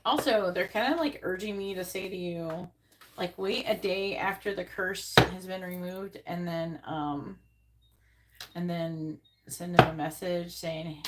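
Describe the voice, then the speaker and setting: A woman's voice: on the low side, moderate pace, very noisy. A woman giving a casual live-stream tarot reading, blunt and chatty, who swears and repeats her questions to the cards. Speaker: tarot reader.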